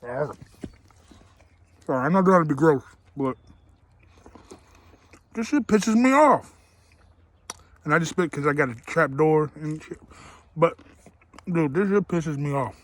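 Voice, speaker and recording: A man with a somewhat high voice doing an offhand food review for his viewers. He swears constantly and talks bluntly and crudely, often with his mouth full. His delivery is loose, unscripted and grumbling. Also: moderate pace, long pauses. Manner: talks while chewing. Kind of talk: casual food review vlog.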